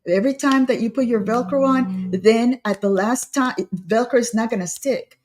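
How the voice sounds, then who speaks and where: A woman's voice: fairly high pitch, moderate pace, a little mellow. A woman co-hosting a casual etiquette chat, giving earnest, direct advice and urging her listeners. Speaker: co-host.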